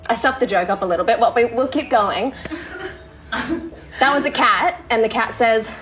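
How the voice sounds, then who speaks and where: A woman telling long jokes to friends in a casual group challenge, an animated storyteller who squeals when she does voices. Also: fairly high pitch, normal speed, faint music behind.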